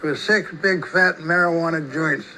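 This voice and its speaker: An older man telling a personal story in a relaxed, rambling way, often restarting his sentences. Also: fairly high pitch, moderate pace, a little hiss or hum, poor audio. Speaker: storyteller recalling his past. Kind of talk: casual spoken reminiscence.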